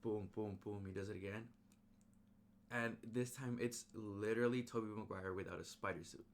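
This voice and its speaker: A young man recapping a film in a casual, excited ramble, full of slang and fillers. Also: lowish voice, normal speed. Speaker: movie reviewer.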